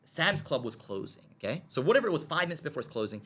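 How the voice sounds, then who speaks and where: A man telling a long story as a guest on a podcast, talking quickly with a lively, swooping voice. He acts out the lines of the people in his story and keeps asking "okay?" to check that his listener is following. When he gets excited he stumbles and repeats his words. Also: on the high side.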